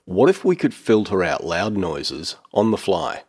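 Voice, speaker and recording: A man's voice: low voice, a little slow, slightly rough. A man hosting a podcast, chatting casually and reading out a listener's essay, with frequent "uh" fillers. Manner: relaxed, chatty, with frequent "uh" fillers and small laughs. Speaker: podcast host.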